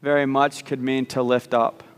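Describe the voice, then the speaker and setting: A man's voice: mid-range voice, flat delivery, moderate pace, smooth, in a large hall. A man preaching a sermon, repeating words as he starts sentences and slipping in joking asides. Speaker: pastor. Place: church sanctuary.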